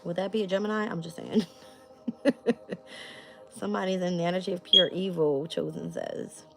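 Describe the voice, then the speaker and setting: A woman's voice: fairly low pitch, steady tone, normal speed, gravelly, over loud music. A young adult woman, reading tarot on a live stream, blunt and swearing casually. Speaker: tarot reader.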